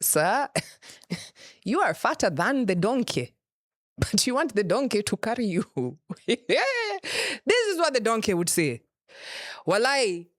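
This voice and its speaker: A young Kenyan comedy host, with a fairly high and very animated voice, speaks slowly and pauses often in her monologue. She jokes playfully, teasing, laughing frequently and mixing in Swahili, recorded with studio quality and no room sound.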